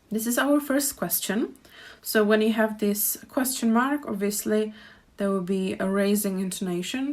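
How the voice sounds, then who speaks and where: A woman with a Czech accent teaching pronunciation, speaking slowly and repeating each example phrase with care. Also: mid-range voice, fairly even intonation. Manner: slow, careful demonstrations with repeated example phrases. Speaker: language teacher. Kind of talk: pronunciation lesson. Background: birdsong and traffic outside.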